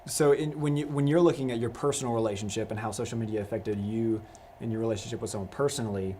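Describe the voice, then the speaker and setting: A man's voice: medium pitch, fairly even intonation, fast talker, mellow, a little hiss or hum. A young man hosting a live youth discussion, casual and rambling, with many restarts. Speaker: youth pastor host.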